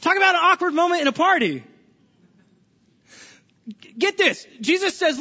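A man's voice: extremely high pitch, big pitch swings, moderate pace, long pauses, bright, forceful tone. A male pastor preaching a conversational sermon to a room, often restarting words and asking the listeners questions. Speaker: pastor overseeing small groups. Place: church hall with an audience. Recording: echoey hall, dull lo-fi sound.

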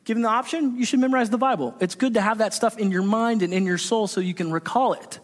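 A man preaching a sermon in an animated storytelling manner, acting out the voices of people in his anecdotes. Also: high voice, quick pace. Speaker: pastor. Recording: echoey hall reverb.

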